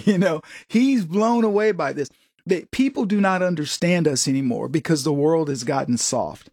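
A middle-aged American man hosts a political commentary show in a husky, fairly high voice, talking animatedly at a normal speed. He often jumps into higher, excited quoted voices, and the recording is dry and close.

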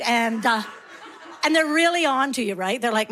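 A middle-aged woman doing a stand-up comedy set, telling animated stories and acting out her kids and herself in shrill voices. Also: normal speed, pauses often, noisy background.

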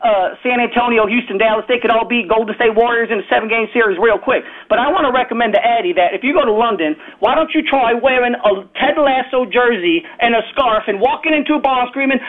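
Fast-talking Chicago caller on a phone line. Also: male voice, very high voice. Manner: rapid-fire, jumping between topics. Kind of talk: rambling call-in chat.

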